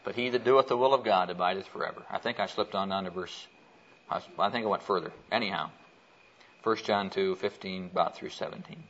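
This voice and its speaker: Lively preacher guy telling a story and reading verses, bright voice, dull old tape sound. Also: deep voice, fairly quick, slight background noise. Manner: animated storytelling with scripture reading. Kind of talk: sermon. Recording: dull lo-fi recording.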